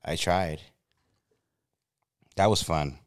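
A man's voice: low-pitched, extremely slow, clear, resonant tone, dry recording, studio quality. A man hosting a casual late-night podcast chat, laid-back and chuckling. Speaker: podcast host.

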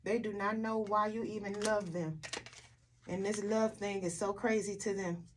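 A woman's voice: medium pitch, steady tone, normal speed, slight background noise. A woman doing a tarot reading for her viewers, blunt and emphatic, with frequent swearing and repeated rhetorical questions. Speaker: tarot reader.

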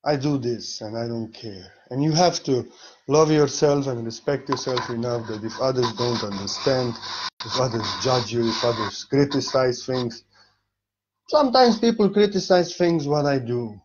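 A man's voice: mid-range voice, moderate pace, highs cut off, noisy background. A foreign-accented man, a spiritual teacher, giving a playful, theatrical motivational monologue and repeating words for emphasis.

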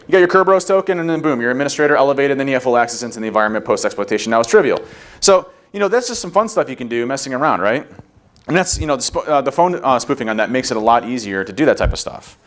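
Brief: male conference speaker, rapid-fire delivery, medium pitch, lively anecdotes with acted-out quotes. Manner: rapid, animated storytelling, acts out quotes. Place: conference room.

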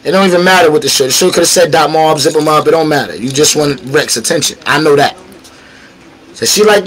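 A man's voice: on the high side, quick pace, a bit bright, a little hiss or hum, poor audio. A man telling a street story with slang, acting out quotes and sound effects. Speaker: battle rapper telling a story. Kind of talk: animated storytelling.

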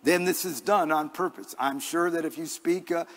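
A man's voice: fairly high pitch, normal speed, a bit bright, big-room sound. A male pastor preaching a sermon in an earnest, conversational way, mixing scripture with personal stories, recorded in a church. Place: church sanctuary.

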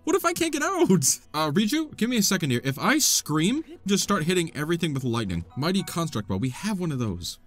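A man's voice: on the high side, big pitch swings, fairly quick, few pauses, fairly bright tone, faint music behind. A young man joking his way through a video game as the host of a let's play, chatting to his in-game companion. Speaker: gaming channel host.

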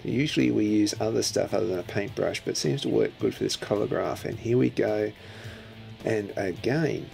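A man's voice: on the low side, normal speed, vocal fry, a little mellow. A man narrating his own printmaking troubles in a studio vlog, wry and self-mocking, grumbling and swearing at his press. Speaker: printmaker demonstrating his process. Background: faint guitar music.

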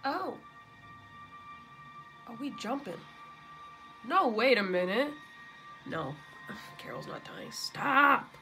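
A young woman reacting live to a TV episode, her higher voice swooping from murmurs to shouts as she blurts and swears at the screen. She talks slowly between outbursts. The episode's music plays clearly behind her. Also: big pitch swings, low-quality recording. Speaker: reaction video host. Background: episode soundtrack playing.

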